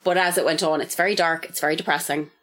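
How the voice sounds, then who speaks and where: A young woman co-hosting a podcast, rattling through a story in casual chat. Her voice sits a little low for a woman, and she swears freely as she goes. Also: steady tone, fast talker, fairly bright tone. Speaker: podcast co-host.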